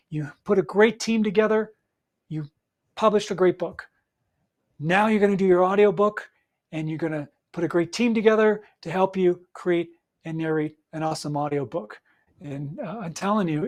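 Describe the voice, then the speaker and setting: A middle-aged man hosting a solo podcast as an audiobook coach, giving motivational advice and checking in with frequent "right?". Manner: encouraging, repeats points with frequent "right?" and "all right?"; acts out nervous clients in a higher, louder voice.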